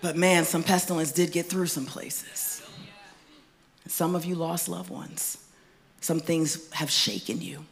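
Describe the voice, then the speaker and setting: A woman preaching a sermon in a conversational, folksy way, swinging from loud emphatic bursts to hushed whispers. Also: fairly low pitch, slow, creaky. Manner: conversational, folksy asides to the congregation. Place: church stage before a congregation.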